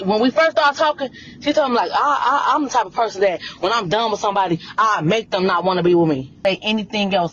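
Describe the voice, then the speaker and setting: A woman's voice: medium pitch, fast talker, fairly bright tone, lo-fi sound, slight background noise. A woman venting on a livestream, blunt and confrontational, repeating her points again and again. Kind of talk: heated livestream rant.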